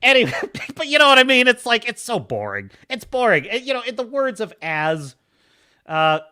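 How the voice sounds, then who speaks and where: A man's voice: very high-pitched, very animated, moderate pace, sharp tone, smooth. A man hosting a live show, mockingly reviewing a film with frequent laughter and acted-out scenes. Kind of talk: sarcastic film review rant.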